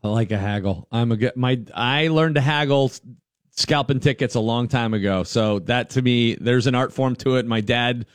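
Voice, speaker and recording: A man's voice: mid-range voice, moderate pace, no echo, clean studio sound. A man co-hosting a casual chat, telling stories animatedly and acting out the people he quotes. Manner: animated storyteller who acts out quoted people. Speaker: podcast co-host.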